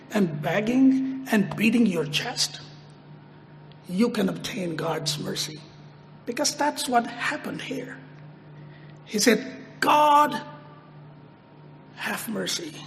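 A man preaching a sermon, slow and emphatic, repeating his phrases and lifting his voice sharply on quoted prayers. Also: sits high, long reverb tail.

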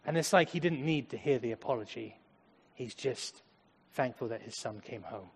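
A man preaching a sermon, dramatic, swinging from loud emphasis to hushed tones. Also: mid-range voice, moderate pace, husky. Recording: echoey hall.

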